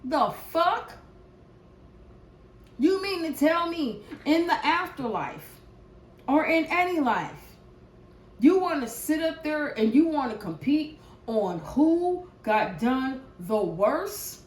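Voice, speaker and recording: A high-pitched woman gives a preachy, cursing tarot reading. She speaks slowly and deliberately, sometimes loud and sometimes near a murmur. Her voice rings around an echoey room over a faint background hiss. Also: sing-song. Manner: profane, preachy, swings from shouting to hushed prayer. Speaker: tarot reader. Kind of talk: impassioned collective reading rant.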